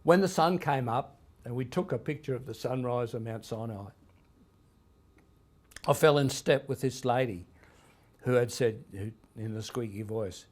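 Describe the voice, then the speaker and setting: A man preaching a sermon in a church, telling stories with emphatic swings in loudness. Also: medium pitch, unhurried, long pauses. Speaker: pastor.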